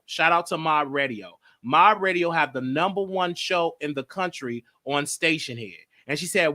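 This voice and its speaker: A man's voice: high-pitched, bright, forceful tone. A man hosting his own show, talking in a rambling, emotional, repetitive way about his feelings and his mental health. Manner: emotional, rambling, repeats himself. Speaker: host. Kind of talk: casual monologue.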